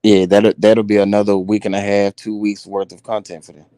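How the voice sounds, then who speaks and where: A man answering questions as a guest on a live stream, keeping his replies brief and dismissive. He speaks quickly in a low, mellow voice. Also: flat delivery, clear, resonant tone, no echo. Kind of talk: casual live-stream chat.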